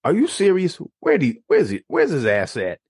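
A man voicing an indignant, protective middle-aged mother, shrill and outraged. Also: wildly swooping pitch, normal speed, a little mellow, husky, no room sound, clean studio sound, full character voice.

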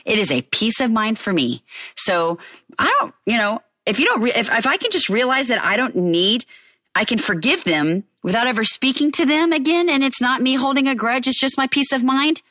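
A woman's voice: a little high, very animated, moderate pace, sharp tone, no room sound, clean studio sound. A middle-aged woman and mother talking candidly in a personal vlog, repeating herself and getting fired up as she goes. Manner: candid, repetitive, gets fired up. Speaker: divorced mother sharing her story.

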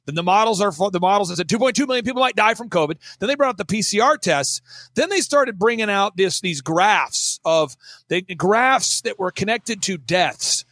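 Emphatic male storyteller, raspy, lively and dry in sound. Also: high voice, no room sound. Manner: emphatic, punchy, quick bursts of mimicry. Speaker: guest speaker. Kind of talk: animated storytelling on a talk show.

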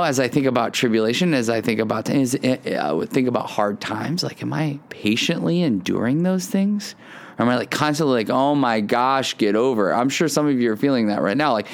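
A man preaching a conversational sermon, telling a family story and talking straight to his listeners with earnest, casual phrasing that jumps into sudden high, excited bursts. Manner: casual fillers and restarts, addresses listeners directly. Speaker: pastor.

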